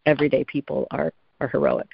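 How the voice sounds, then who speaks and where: A woman's voice: extremely low pitch, level tone, quick pace, creaky, breathy edge. A woman guest on a podcast, talking in a reflective way and laughing easily. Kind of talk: casual interview chat. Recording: dull, dry sound.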